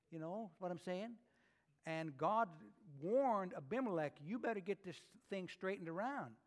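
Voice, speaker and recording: Casting: male pastor, high voice, folksy animated sermon with casual asides.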